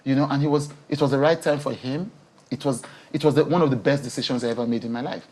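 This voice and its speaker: Brief: woman, TV talk show host from Nigeria, guest in a studio interview, animated, emotional, quick to laugh. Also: a bass voice.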